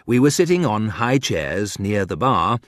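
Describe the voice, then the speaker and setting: A man narrates a humorous book in a low voice that swings widely in pitch, leaning into the wry jokes. He takes his time over every line. The recording is close and dry, with no room sound. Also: very animated, dry recording. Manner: wry, slow, deliberate storytelling that jumps high for quoted remarks. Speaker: audiobook narrator. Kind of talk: scripted reading of a graded reader.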